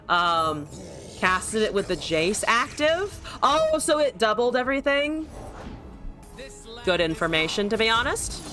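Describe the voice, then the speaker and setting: A woman's voice: deep voice, bright, forceful tone. A young woman streaming a card game, chatting casually, talking to her opponent, laughing and swearing often. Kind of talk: live gameplay commentary.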